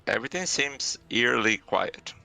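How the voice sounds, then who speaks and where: A man's voice: medium pitch, expressive, moderate pace, gravelly, pushed and bright, soft background music. A man running a tabletop game as game master, casually counting out moves and narrating the scene. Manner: casual, counts out movement aloud.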